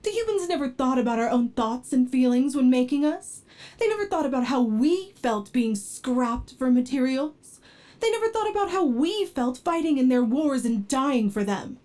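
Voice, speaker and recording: Woman playing a yandere android, soft-voiced. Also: fairly high pitch, takes it slowly, long pauses. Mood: indignant. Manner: soft and pleading, flaring into anger. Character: obsessive devoted yandere android, adult, unstable temper. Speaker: ASMR role-play performer. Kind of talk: whispered role-play.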